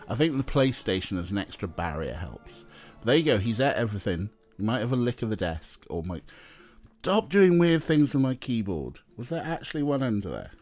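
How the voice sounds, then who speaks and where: A male streamer chats casually with his viewers in a very animated voice that swings high and low. He often slips into a high sing-song coo while he talks to his cats. Soft music plays quietly in the background. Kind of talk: casual livestream chat.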